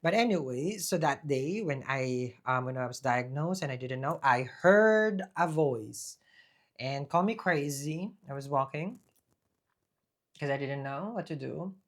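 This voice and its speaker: A man giving a casual tarot reading. He rambles and restarts, speaks with a preaching tone about faith, and bursts into loud, emphatic talk. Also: mid-range voice, measured pace. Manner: rambling, with frequent fillers and restarts. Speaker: tarot reader. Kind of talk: casual spoken tarot reading with personal testimony.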